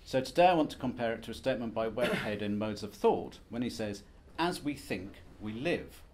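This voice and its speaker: A man's voice: medium pitch, animated, a little fast, a little mellow, slight background noise. A man giving a conference presentation as an academic, lecturing in a wry, self-deprecating, conversational way. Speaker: academic speaker.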